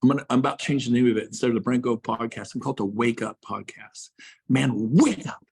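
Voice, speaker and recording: A middle-aged man, a realtor, giving a passionate motivational talk with emphatic repeats and big swings in pitch and loudness. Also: fast talker, vocal fry, husky. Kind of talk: fired-up motivational speech.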